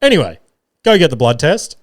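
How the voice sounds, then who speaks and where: An Australian man hosting a podcast, telling a story in a casual, profane, animated and self-mocking way from his garage studio. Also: fairly high pitch, fairly quick, no echo. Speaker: podcast host. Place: single-car garage studio. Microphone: studio mic.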